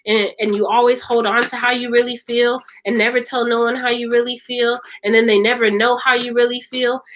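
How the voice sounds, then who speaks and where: A woman's voice: fairly high pitch, a bit bright, poor audio. A woman reading tarot cards for viewers in an emphatic, repetitive way, often checking in with "okay?". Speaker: tarot reader.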